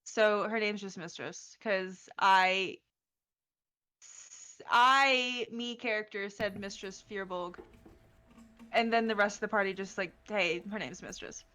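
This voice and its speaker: A woman playing in a tabletop game, relaxed and often laughing. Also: medium pitch, slow, clean tone. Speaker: player. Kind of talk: casual tabletop game chat.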